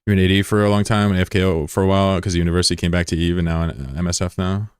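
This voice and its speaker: A man's voice: low voice, steady tone, very fast, clear, resonant tone, no echo, clean studio sound. A man streaming live, chatting casually with viewers in a rambling, self-deprecating way. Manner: rambling and self-deprecating, reads chat aloud. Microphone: broadcast mic with voice filter.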